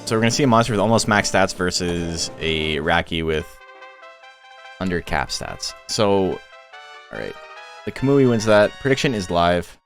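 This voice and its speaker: A man with a fairly low voice commentates video game battles for his stream in an easy, chatty way. He laughs often while telling stories. Soft game music plays faintly behind him. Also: sing-song, moderate pace. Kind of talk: casual live-stream commentary.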